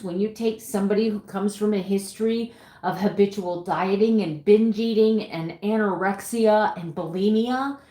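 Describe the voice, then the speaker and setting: A middle-aged woman talks on a live vlog, candid and emotional, sighing between thoughts and warmly greeting viewers by name. Her voice sits at an ordinary middle pitch. The room around her gives a roomy echo. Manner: emotional, earnest and openly candid; frequent sighs and fillers, warm greetings to viewers. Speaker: vlogger. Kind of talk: livestream chat, reading viewer messages.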